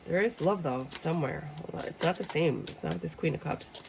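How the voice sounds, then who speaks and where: A woman gives a casual tarot reading in a low, gravelly voice. She talks bluntly and jokes as she acts out how people react. A faint hiss sits under the recording. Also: fairly quick. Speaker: tarot reader. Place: room with a squeaky chair.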